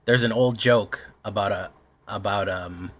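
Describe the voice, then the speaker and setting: A man's voice: fairly low pitch, measured pace. A man streaming a card game, chatting casually, rambling and joking with some swearing. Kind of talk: casual gameplay commentary.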